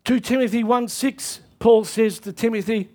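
A man preaching a sermon to his church, reading scripture and pushing into shouted calls to action. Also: very high voice, steady tone, normal speed. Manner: impassioned preaching that swells into shouted exhortations.

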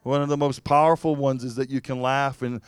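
A man preaching a sermon, telling his story in an animated way, laughing often and now and then bursting into loud exclamations. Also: medium pitch, fairly quick, clear, resonant tone, dry recording, clean studio sound. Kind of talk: sermon testimony.

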